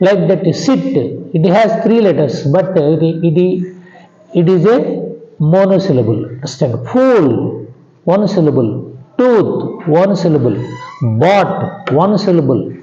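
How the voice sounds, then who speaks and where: Slow Indian English teacher, echoey room. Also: male voice, big pitch swings, warm tone. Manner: slow and repetitive, checks in with "understand?"; drops pitch at the ends of sentences. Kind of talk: classroom lecture. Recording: echoey room, dull lo-fi sound.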